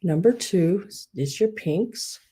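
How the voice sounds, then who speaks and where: A low, mellow-voiced woman chats her way through a live online sale. She rambles, restarts her sentences and fills gaps with ums, and her breath is a little wheezy. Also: animated, slow, breathy edge. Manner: rambling, many fillers and restarts. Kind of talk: casual live sales chat.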